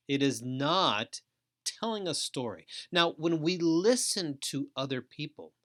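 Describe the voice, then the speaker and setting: A man giving a recorded lecture as a foster care educator, speaking deliberately and repeating key phrases. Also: on the high side, a bit bright.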